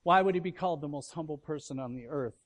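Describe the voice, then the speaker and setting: Animated pastor preaching to his church. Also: a little high, fast. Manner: animated, swings between loud emphatic bursts and quiet asides; acts out quoted voices, asks the congregation questions. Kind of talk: sermon.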